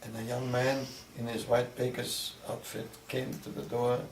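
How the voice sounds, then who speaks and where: An older man with a Viennese accent telling his story in an oral history interview, with measured storytelling and vivid recalled dialogue. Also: medium pitch, level tone. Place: interview room. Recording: roomy, distant mic with noise.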